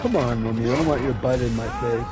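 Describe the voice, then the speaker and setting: A man's voice: medium pitch, fast talker, loud music behind the voice. A man streaming a video game, rambling and aggrieved in casual chat, swearing constantly and trailing off mid-sentence. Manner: restless and aggrieved, trails off and restarts.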